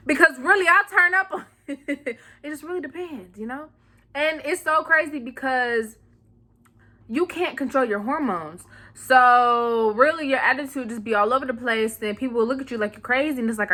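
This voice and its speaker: A young woman chatting casually to camera as a vlogger, sassy and animated, with playful slang. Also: high voice, moderate pace.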